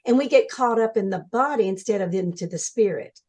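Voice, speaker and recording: An older woman as an interview guest, telling her story in an earnest, animated way and acting out what others said. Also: medium pitch, fairly quick. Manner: earnest, animated storytelling, acts out quoted voices. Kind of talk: conversational interview.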